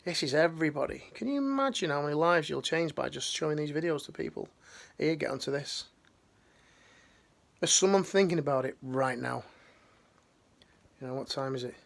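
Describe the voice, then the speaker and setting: Middle-aged man, ex-military life coach, gravelly, slangy and heartfelt, restarts a lot. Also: fairly high pitch, animated, moderate pace, pauses often. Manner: earnest, slangy, rambling with restarts. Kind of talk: emotional motivational talk.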